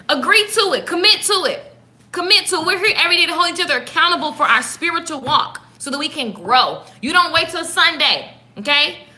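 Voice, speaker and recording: A woman hosting a casual inspirational talk to live viewers, speaking colloquially and directly to them, repeating her questions and dropping into soft asides. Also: high voice. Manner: colloquial, addresses listeners directly. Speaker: host of a daily spiritual live talk.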